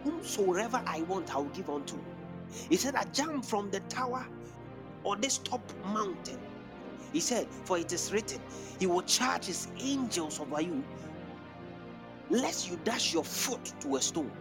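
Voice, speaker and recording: Lively preacher man over music. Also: high-pitched, a little slow. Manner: preaching with lively rising calls. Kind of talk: sermon with tongues. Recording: music playing behind.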